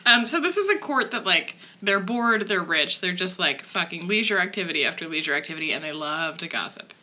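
A woman's voice: fairly low pitch, expressive, fairly quick, bright, forceful tone. A woman from Ireland co-hosting a podcast, telling a true crime story in a chatty, wry way with lots of fillers. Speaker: podcast co-host.

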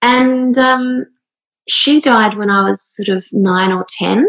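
Emotional woman with vocal fry. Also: a little high, slow, a bit bright, rough recording. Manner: earnest, rambling, with many fillers. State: emotional, near tears. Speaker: speaker sharing a personal story. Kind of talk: casual heartfelt monologue.

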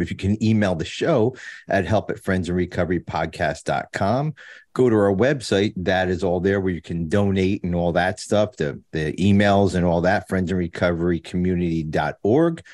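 A man hosting a recovery podcast in casual, joking chat, rambling with many fillers and restarts and clearing his throat. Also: low voice, darkish tone. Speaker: podcast host.

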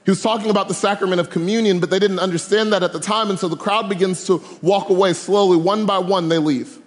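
A man speaking at a camp to a live audience, preaching a youth sermon with animated, humorous, slangy storytelling. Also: high-pitched, fast. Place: large room with live audience. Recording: long hall reverb.

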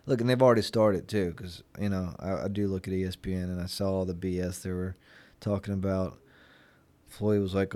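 A young man with a lowish voice chats to camera in a loose, rambling way, and his talk is packed with fillers. He is sarcastic and cutting when something annoys him, then drifts back to easy small talk. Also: fairly even intonation, a little fast, warm tone. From Florida, United States. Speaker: vlogger. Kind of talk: casual chat.

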